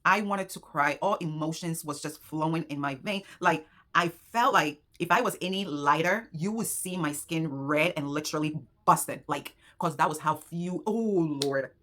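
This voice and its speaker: Low-voiced woman telling an emotional story. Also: normal speed. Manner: emotional, animated retelling with quoted dialogue. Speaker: small business owner and market vendor. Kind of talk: casual storytelling vlog.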